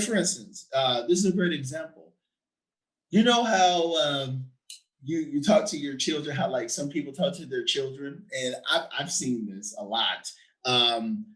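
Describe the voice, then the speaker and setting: A man in his thirties talking in an animated, chatty way, laughing and checking in often with his listener. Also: medium pitch, low-quality recording. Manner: animated, laughing, frequent "right?" tags. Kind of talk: casual conversation.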